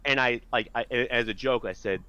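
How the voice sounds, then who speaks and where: A man's voice: medium pitch, fairly quick, highs cut off, slight background noise. A man, a podcast guest telling stories in casual chat and acting out the people he quotes. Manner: animated storyteller, acts out quoted voices.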